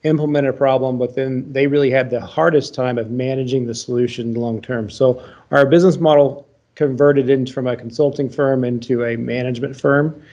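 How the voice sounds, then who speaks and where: Male founder as podcast guest, mellow voice, explanatory with frequent fillers, dull lo-fi remote audio. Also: medium pitch, fairly even intonation, fairly quick, few pauses. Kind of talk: casual business explanation.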